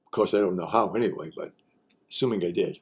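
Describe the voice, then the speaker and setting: A man's voice: low-pitched, quick pace, husky. An older man hosting a casual explainer, talking in a folksy, wry way with joking asides. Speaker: host.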